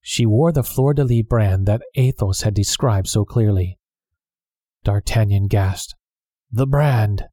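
A man reading a storybook aloud in a calm, steady manner. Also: lowish voice, unhurried, no room sound, clean studio sound. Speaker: narrator. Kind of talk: storybook narration.

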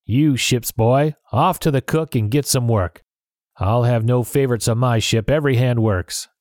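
A man's voice: mid-range voice, moderate pace, darkish tone, dry recording, lightly acted. A man voicing a stern, blunt sea captain in a storybook reading, curt and plain-spoken, dry close sound.

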